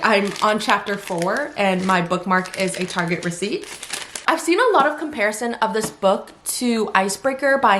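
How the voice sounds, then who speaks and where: A woman's voice: medium pitch, fairly bright tone. Bubbly young woman chatting casually. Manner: bubbly and chatty, heavy use of "like". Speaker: book vlogger. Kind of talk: casual chat.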